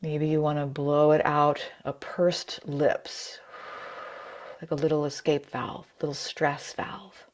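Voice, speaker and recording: A woman leading a chair yoga class over a video call, calm and encouraging as she cues breaths and movements. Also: deep voice, takes it slowly. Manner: calm, encouraging, greets participants by name. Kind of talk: guided yoga class instruction.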